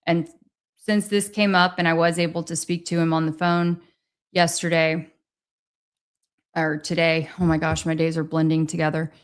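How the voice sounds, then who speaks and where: A woman's voice: low-pitched, level tone, normal speed, pauses often, smooth. A woman hosting a casual livestream, talking with the chat in a rambling, hesitant way, with many restarts. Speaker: livestream host reading chat.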